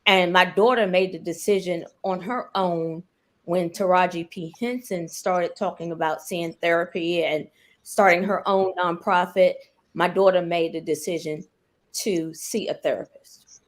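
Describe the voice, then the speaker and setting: Woman guest sharing her story, candid and open, lowish pitch. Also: steady tone, unhurried. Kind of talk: personal story on a panel.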